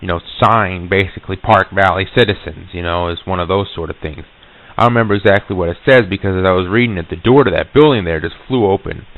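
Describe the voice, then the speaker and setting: An actor playing a shaken vending machine serviceman who recalls a haunting in a halting, stammering way, full of restarts. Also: deep voice. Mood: uneasy. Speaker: vending machine route worker giving a recorded account. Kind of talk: hesitant spoken recollection on tape. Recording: tinny lo-fi old reel-to-reel tape.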